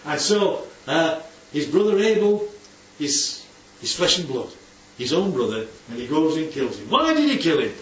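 A man's voice: fairly high pitch, very animated, normal speed, few pauses. A man giving an informal Bible teaching to a group, often asking the listeners questions and checking they follow. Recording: distant, dull, roomy recording with faint noise.

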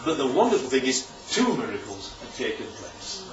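A man preaching a sermon, animated and emphatic, often checking in with "right?". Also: mid-range voice, moderate pace, background noise. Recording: echoey room, distant mic, dull sound.

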